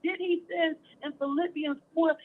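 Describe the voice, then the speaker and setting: A woman's voice: extremely high pitch, steady tone, normal speed. A woman calling in who speaks with fervent, preaching-style conviction and quotes scripture. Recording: tinny phone line.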